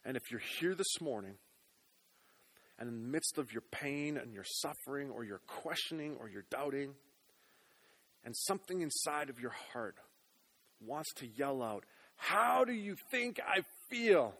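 A male pastor preaching a sermon in church, earnest, dropping to hushed tones and rising to loud appeals. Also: mid-range voice, moderate pace, long pauses.

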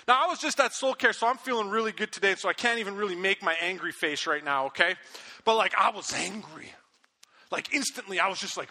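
Man, pastor, sermon, high voice, piercing bright tone, echoing hall. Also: fast talker. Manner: animated storytelling, acts out his own angry outbursts. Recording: long reverb of a big hall.

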